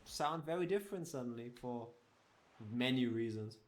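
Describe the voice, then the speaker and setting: A man's voice: medium pitch, expressive, normal speed, background noise. A man teasing a friend with dry sarcasm as she plays a video game on stream. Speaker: co-host watching the player. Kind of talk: casual game stream chat. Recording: game music in the background. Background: game music.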